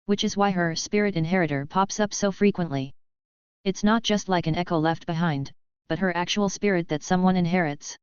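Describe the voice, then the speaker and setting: A woman voicing a sardonic, weary male fallen angel leader in a dry, deadpan way. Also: fairly low pitch, brisk, smooth, no echo, lightly acted. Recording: dull lo-fi audio.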